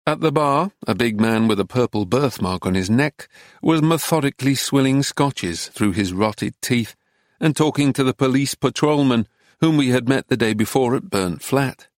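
A man reading an audiobook in a measured, understated, dry manner. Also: medium pitch, expressive, no echo. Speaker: narrator. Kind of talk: scripted audiobook narration.

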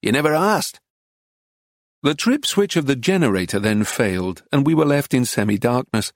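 A man reading a book aloud in measured, even storytelling narration into a close studio mic. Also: medium pitch, no echo. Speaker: audiobook narrator. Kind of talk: scripted narration.

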